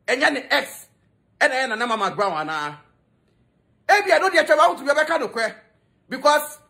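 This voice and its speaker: High-voiced Ghanaian man ranting. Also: pushed and bright. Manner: mocking, scolding, switches between Twi and English. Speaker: entertainment commentator. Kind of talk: ranting gossip commentary.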